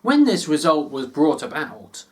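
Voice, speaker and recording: A man reading a classic story aloud, expressive and unhurried. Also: on the high side. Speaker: reader.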